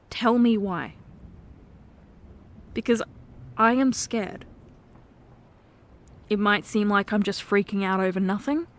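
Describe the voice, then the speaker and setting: A woman in a whispered role-play, speaking as a caring girlfriend. Her voice sits fairly high and moves slowly, tender and pleading, often dropping to a soft hush. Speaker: ASMR performer.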